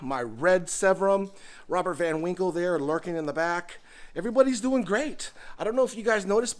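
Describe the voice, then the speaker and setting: A man with a Hawaiian accent giving an upbeat, chatty home aquarium vlog walkthrough, joking with viewers. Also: a little high. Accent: Hawaiian English. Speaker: aquarium hobby vlogger. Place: home indoors.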